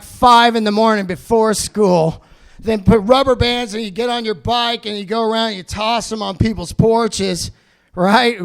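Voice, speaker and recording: A man doing a loud, profane stand-up set, ranting. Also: extremely high pitch, gravelly. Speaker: stand-up comedian.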